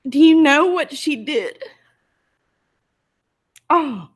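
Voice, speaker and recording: A woman's voice: sits high, lively intonation, extremely slow. A woman YouTuber giving an angry, emotional commentary, tearful and indignant as she talks. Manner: emotional, indignant, close to tears.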